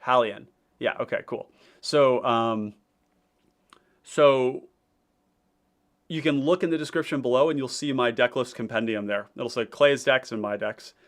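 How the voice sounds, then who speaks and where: A man chatting casually on a livestream, rambling with plenty of ums and restarts. He reads out viewer comments and plays through his deck in a relaxed, conversational way. His voice sits at an ordinary middle pitch. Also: measured pace, long pauses. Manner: rambling, many fillers and restarts, reading chat aloud. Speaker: deck-building host.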